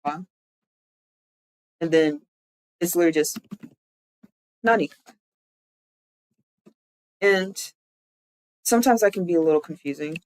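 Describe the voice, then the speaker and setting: Live-streamed lesson, patient step-by-step explaining, slow repeated words, mid pitch, dry close mic. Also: a little mellow, dry recording, poor audio. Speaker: VTuber streamer.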